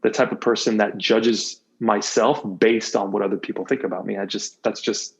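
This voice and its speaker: A man's voice: on the low side, fairly even intonation, moderate pace, creaky. A man in his thirties, a podcast guest, talking earnestly and reflectively about his life. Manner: earnest, reflective, opens up freely. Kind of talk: candid personal storytelling. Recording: slightly dull, muffled audio.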